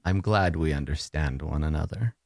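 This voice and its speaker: A man voicing a smug, scheming noblewoman villain who speaks in a low, slow, silky way. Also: gravelly, darkish tone, no echo. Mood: silky threat.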